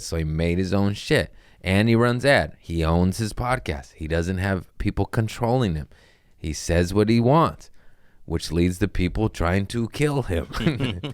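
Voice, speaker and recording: Low-pitched young man, comedian podcast host, animated and profane, self-mocking, smooth resonant voice, dry close sound. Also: no echo. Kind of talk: casual storytelling monologue.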